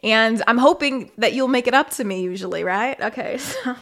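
A woman's voice: fairly high pitch, moderate pace, fairly bright tone. A young adult woman hosting her own podcast, talking casually and often checking in with "okay?". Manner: chatty, often ends with "okay?". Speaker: podcast host. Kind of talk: casual solo podcast monologue.

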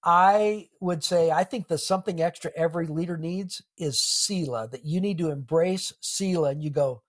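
A man's voice: on the high side, normal speed. A middle-aged man, a pastor and author, talking earnestly and reflectively in an interview, with a touch of humor. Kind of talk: conversational interview.

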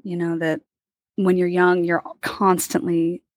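A woman's voice: on the low side, a little slow, dry recording, studio quality. A woman in her twenties, a guest actor, telling stories in a casual interview, acting out the people she quotes and laughing often. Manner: animated storyteller, acts out quoted voices, laughs often.

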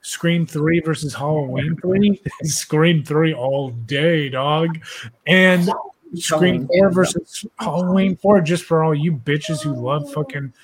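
A man's voice: on the high side, slow pace. Laid-back swearing podcast host guy. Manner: profane, laid-back, rambling with many "like"s. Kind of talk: casual podcast chat.

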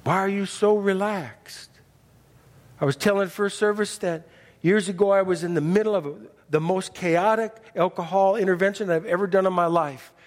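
High-voiced folksy preacher in reverberant sanctuary. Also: male voice, normal speed. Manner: animated, swings from loud to hushed; folksy, humorous asides. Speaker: pastor. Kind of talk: sermon.

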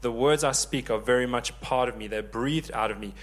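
A man in his thirties preaching a sermon, lively and joking with the congregation. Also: mid-range voice, a little fast. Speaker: pastor.

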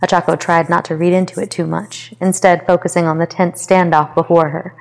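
A woman reading a fan fiction story aloud with expressive narration. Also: fairly low pitch, a little fast, gravelly, in a large hall.

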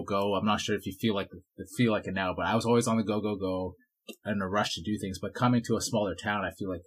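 Husky-voiced Canadian podcast host. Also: male voice, lowish voice. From Vancouver, Canada. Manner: friendly, enthusiastic, casual "dude" talk. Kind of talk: casual podcast interview.

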